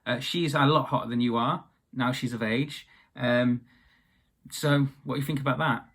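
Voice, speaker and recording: A man's voice: medium pitch, fairly even intonation, moderate pace, a bit bright. A man voicing a blunt, offhand magic mirror in his ordinary voice, retelling a fairy tale.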